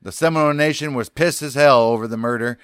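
A man's voice: medium pitch, fast, clean tone, no echo, clean studio sound. A man co-hosting a casual podcast, reading an outlaw story aloud, joking and stumbling over place names. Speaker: podcast co-host. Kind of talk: casual chat reading a true-crime story.

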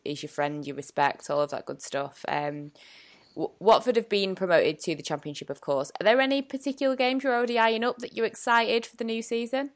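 A woman hosting a podcast interview, asking questions casually and encouraging her guest. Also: sits low. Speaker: podcast host.

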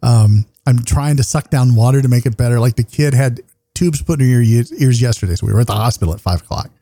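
A man in his thirties hosts a casual podcast, his voice tired and a little worn. He rambles and jokes, dropping profanity as he goes, in a mellow, darker tone. The mic is close and dry. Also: mid-range voice, quick pace, dry recording. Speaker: podcast host. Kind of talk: casual chat.

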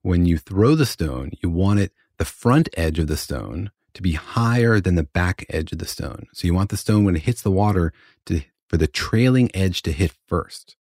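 A man's voice: deep voice, expressive, moderate pace, darkish tone, dry recording, clean studio sound. A man co-hosting a casual science chat, explaining things patiently and often checking in with "right?". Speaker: podcast co-host explaining physics.

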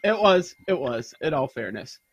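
A man's voice: mid-range voice, big pitch swings, normal speed, muffled recording. A man co-hosting a casual sports talk show, bantering with incredulous laughter. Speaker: co-host.

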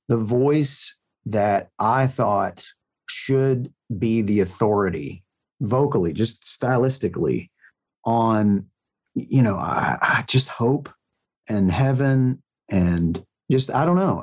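A man's voice: medium pitch, a little mellow. Middle-aged man, country singer guest; loose, chatty, self-mocking storyteller. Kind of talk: casual interview chat.

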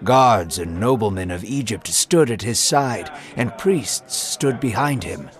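Slow dramatic male storyteller. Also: on the low side, animated. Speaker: narrator. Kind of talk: scripted Bible story narration. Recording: narration over a music bed. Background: music.

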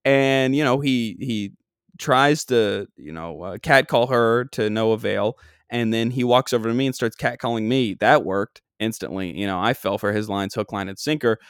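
A man's voice: lowish voice, normal speed, clean tone, dry recording, studio quality. A man from Long Island, rambling casually through a funny story with lots of fillers and self-deprecating asides. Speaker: comedian podcast host.

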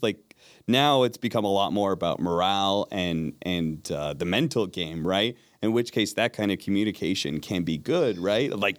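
Man, very low voice, esports play-by-play caster, casual interview chat, animated. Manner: animated, self-deprecating, laughs often.

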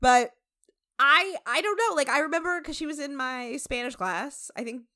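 A woman's voice: high voice, moderate pace. An American woman co-hosting a podcast, recapping a show in casual, chatty talk full of fillers. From United States. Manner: chatty, animated, many fillers. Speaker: podcast co-host.

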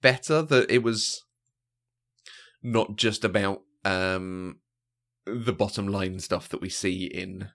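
Low-pitched yet fairly bright, with vocal fry, he speaks slowly and pauses often. He's a podcast co-host in a casual film review chat, hesitant, filling gaps with fillers and laughing a lot.

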